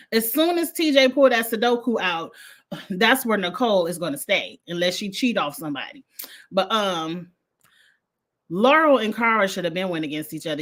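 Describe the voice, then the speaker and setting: Black lady ranting about a reality show on stream, blunt and laughing a lot, mid pitch. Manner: blunt, animated, laughs often, uses slang. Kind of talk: casual livestream chat.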